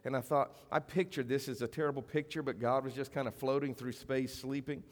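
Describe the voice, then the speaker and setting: A man preaching a sermon as a pastor, in a conversational style, slowing down for emphasis and sometimes dropping almost to a whisper. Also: mid-range voice, fairly even intonation. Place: church sanctuary. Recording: long reverb of a church hall.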